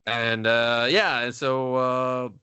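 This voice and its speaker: A man co-hosting a casual movie review podcast, telling the plot in a profane, animated way. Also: mid-range voice, slow, clear, resonant tone, no room sound. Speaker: podcast co-host.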